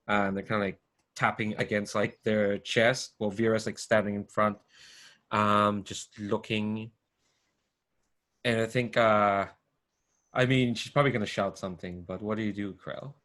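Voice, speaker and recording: An excitable man running a tabletop role-playing game as game master, often laughing. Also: on the low side.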